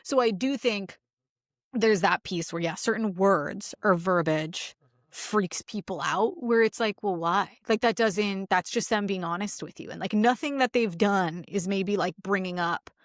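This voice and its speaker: A woman's voice: mid-range voice, unhurried, no echo. Chatty woman podcast co-host, dry sound. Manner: chatty, filler-heavy, acts out quoted dialogue. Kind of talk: casual chat.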